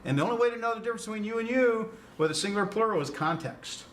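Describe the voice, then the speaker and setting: A man's voice: high-pitched, expressive, rapid-fire, a bit bright, far from the mic, a little hiss or hum. Man lecturing a class from across the room. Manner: conversational, quizzes students, chuckles at own puns. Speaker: Greek instructor.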